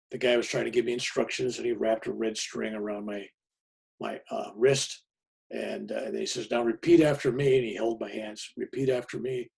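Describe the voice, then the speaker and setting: A man tells a personal story in a plain, folksy way. His voice is heavily gravelly and rough, and the tone stays raspy throughout. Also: fairly low pitch, a little mellow. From United States. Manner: plainspoken and folksy, with many fillers and restarts. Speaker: pastor.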